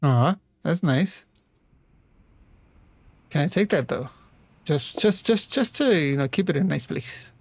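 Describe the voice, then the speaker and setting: A man's voice: on the high side, expressive, measured pace, vocal fry, pauses often. Jumpy, swearing man gaming. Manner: jumpy, nervous laughter, swearing, apologetic. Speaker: gamer. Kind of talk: let's play commentary.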